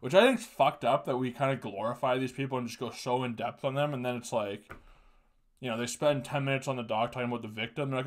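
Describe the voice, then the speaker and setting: Man, podcast host, casual rant, profane, laughs often, middle pitch. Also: fairly even intonation, fast. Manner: crude, profane, laughing asides.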